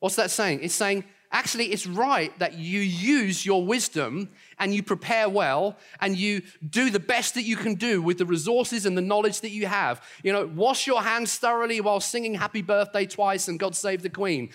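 A man's voice: high-pitched, normal speed, few pauses, fairly bright tone. A man preaching a sermon as pastor to his congregation, upbeat and confident, with friendly asides. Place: church auditorium.

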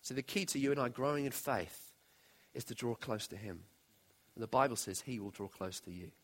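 A man's voice: medium pitch, brisk, fairly bright tone. A man preaching a sermon in an earnest way, often putting direct questions to his listeners.

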